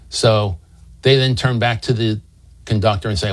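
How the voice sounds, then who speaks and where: A man's voice: lowish voice, normal speed. Man telling a history story. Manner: relaxed, explanatory, with small asides and restarts.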